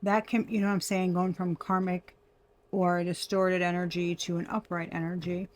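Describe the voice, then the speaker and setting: A woman doing a casual tarot reading for viewers, chatty and quick to laugh. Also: fairly low pitch, little pitch movement. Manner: chatty, laughing often, addresses viewers as y'all. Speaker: tarot reader.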